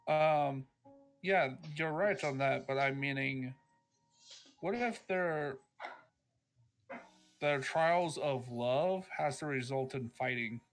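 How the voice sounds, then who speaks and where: A man's voice: medium pitch, slow pace, pauses often, faint music behind. A man playing a tabletop role-playing game who jokes and laughs often while describing his character. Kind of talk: casual role-play chat.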